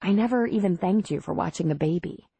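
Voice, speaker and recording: A woman's voice: lowish voice, a little fast, creaky, warm tone, slightly rough, no echo, exaggerated voice. A woman voicing a candid, earnest widowed midwife from the city in an audiobook.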